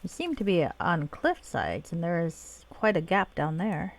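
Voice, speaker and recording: A woman's voice: fairly low pitch, big pitch swings, measured pace, gravelly. Chatty woman streaming a game. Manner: chatty, reads dialogue aloud, laughs easily. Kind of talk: casual game commentary and reading.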